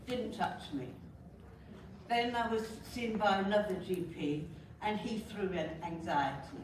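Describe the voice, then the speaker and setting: A woman's voice: medium pitch, background noise. A woman with a North London accent giving an earnest personal talk at a conference, often breaking off with apologetic asides. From North London, England. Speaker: conference speaker. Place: conference hall. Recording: very echoey hall, distant mic.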